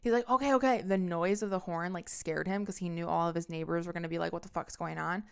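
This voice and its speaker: A woman's voice: fairly low pitch, level tone, fast, gravelly, clear, resonant tone. A young woman telling a personal breakup story on her podcast, emphatic, with lots of swearing and acted-out quotes. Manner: acts out quotes and horn sounds. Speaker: podcast host. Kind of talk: storytime monologue.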